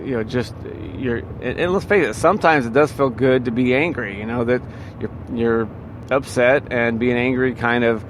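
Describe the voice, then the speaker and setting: A man's voice: mid-range voice, normal speed, slight background noise. A man in a casual motivational monologue, rambling and full of fillers and restarts. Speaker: vlogger giving life advice.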